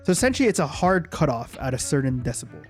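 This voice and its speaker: A man's voice: on the high side, sing-song, quick pace, soft background music. A young man hosting a casual tutorial on streaming audio, chatty and self-demonstrating, talking into a studio mic while EQ changes alter his voice. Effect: live equalizer changes on his own voice. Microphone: studio microphone in a home streaming setup.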